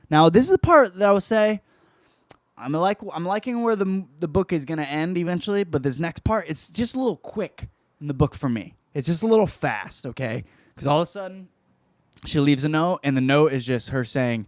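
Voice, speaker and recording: A man's voice: on the high side, expressive, moderate pace, no echo. Male host, loose profane comic book-review delivery, dry close sound. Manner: profane, rambling.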